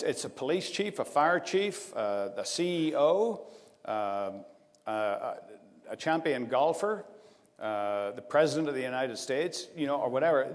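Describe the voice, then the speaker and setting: Man telling a funny story in a hall. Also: medium pitch. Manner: anecdotal, breaks into laughter, rambling asides. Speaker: after-dinner speaker. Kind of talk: storytelling speech to a live audience. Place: large event hall. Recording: long hall reverb.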